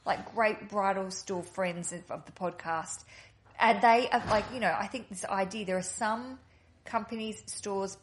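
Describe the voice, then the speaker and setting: A woman's voice: medium pitch, a little slow, slight background noise. A woman hosting a podcast, chatting in a rambling, reassuring way. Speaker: podcast host. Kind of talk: casual chat.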